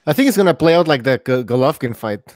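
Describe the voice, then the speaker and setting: A man's voice: mid-range voice, animated, fast, a little mellow, dry recording. A man co-hosting a casual boxing podcast, talking loosely and trailing off with 'man'. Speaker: podcast co-host.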